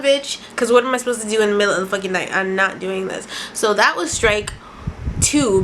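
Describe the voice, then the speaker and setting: A woman in her twenties from Canada, telling a dramatic storytime vlog in a casual, profane, animated way. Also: mid-range voice, a little hiss or hum, poor audio. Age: 20s. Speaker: vlogger.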